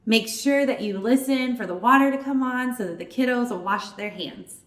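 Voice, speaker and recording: Woman trainer, step-by-step instructions, higher voice, roomy echo. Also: normal speed. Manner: warm, clear, explains step by step with acted examples. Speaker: children's ministry trainer.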